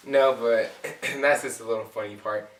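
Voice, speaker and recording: A young man co-hosting a couple's channel, telling their story in a joking, mock-dramatic way, often trailing off softly. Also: mid-range voice, steady tone, measured pace. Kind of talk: casual storytelling chat. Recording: echoey room, far from mic.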